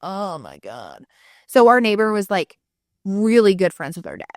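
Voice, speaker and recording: A woman's voice: mid-range voice, normal speed, no room sound. Frank, swearing woman recounting a loss. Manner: frank, swears freely, animated retelling. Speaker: podcast co-host. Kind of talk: candid personal storytelling.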